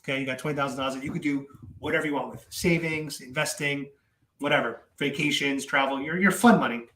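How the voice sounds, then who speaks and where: A man giving casual political commentary to his viewers, animated and chatty with many fillers and repeats. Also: mid-range voice, quick pace, echoey room.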